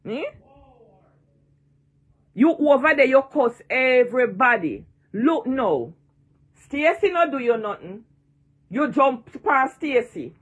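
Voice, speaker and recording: A woman's voice: sits high, big pitch swings, slow, long pauses, slightly rough. A woman in her sixties with a Jamaican accent, ranting and taunting in a vlog, repeating her jeers and cursing freely. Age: 60s. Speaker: online personality.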